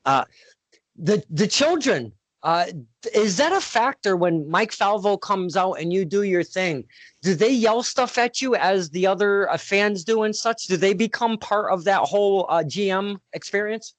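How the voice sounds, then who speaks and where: Animated rambling interview host. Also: male voice, sits high, a little slow, no room sound. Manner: rambling, self-deprecating, animated. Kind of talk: casual interview. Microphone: video call.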